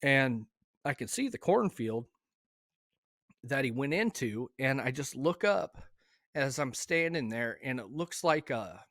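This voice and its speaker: A man of middle pitch tells a personal story in a casual, halting way. He is emotional and often restarts mid-sentence. The sound is dry and close, with no room around it. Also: sing-song, fairly bright tone, no room sound. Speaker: hunter telling his story.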